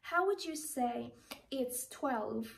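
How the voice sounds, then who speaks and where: Young woman tutor, slow and careful, slightly high voice, a little far from the mic. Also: animated, vocal fry. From Iraqi Kurdistan. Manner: slow, careful, repeats each word. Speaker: language tutor. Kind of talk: online language lesson.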